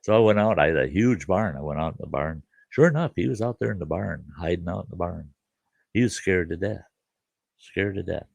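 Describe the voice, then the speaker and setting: A man's voice: low-pitched, lively intonation, fairly quick, gravelly, darkish tone, husky, no room sound. A man hosting a livestream, telling a story in a casual, folksy way and often repeating "I said" as he retells what happened. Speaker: livestream host. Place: farm.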